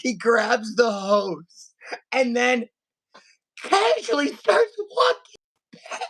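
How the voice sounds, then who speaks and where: A man co-hosting a podcast, telling a family story in animated casual chat and acting out his relatives' voices. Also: extremely high pitch, slow pace, husky. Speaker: podcast co-host.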